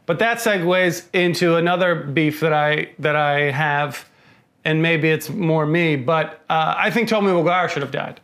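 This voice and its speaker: Male co-host, fairly high voice, exasperated and stammering casual film critique. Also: measured pace, a bit bright. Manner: stammering restarts, exasperated complaining. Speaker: podcast co-host. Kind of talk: casual film review chat.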